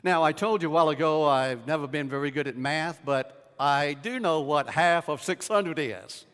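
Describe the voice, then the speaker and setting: A man preaching a sermon, telling a personal story with dramatic swings and quiet, hushed moments. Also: on the high side, normal speed, clear, resonant tone. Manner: dramatic storyteller, dropping to a hush in tender moments. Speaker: pastor. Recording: reverberant hall.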